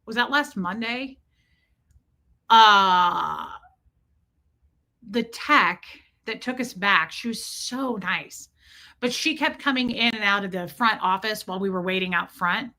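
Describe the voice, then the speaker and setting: Bright-voiced woman telling a rambling story. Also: mid-range voice, slow pace, pauses often. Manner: rambling, self-mocking, deadpan jokes. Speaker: streamer reading chat. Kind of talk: casual storytelling live stream.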